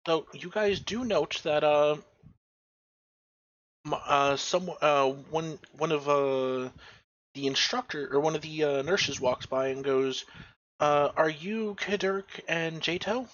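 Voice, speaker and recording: Halting game master man, dull mic. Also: fairly high pitch, fairly even intonation, fairly bright tone. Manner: halting, filler-heavy narration. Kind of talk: narrating a tabletop game.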